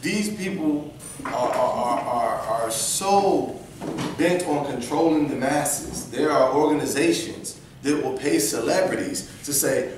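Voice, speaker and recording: A man's voice: mid-range voice, slow pace. A man teaching an interactive Bible lesson to a class of kids at church. He quizzes the children and acts out little scenes as he goes. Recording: very echoey room, distant camera, faint background noise.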